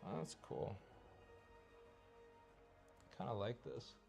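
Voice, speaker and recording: A man streaming as he paints, thinking aloud in a mumbled, unhurried way. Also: medium pitch, animated, creaky, darkish tone, soft background music. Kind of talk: casual commentary while painting.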